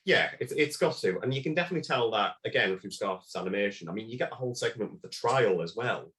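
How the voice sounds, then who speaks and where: Low-ish guy rambling about music, um and like a lot. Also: lively intonation, fast, a bit bright. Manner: rambling, lots of fillers. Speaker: podcast guest. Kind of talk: casual film discussion.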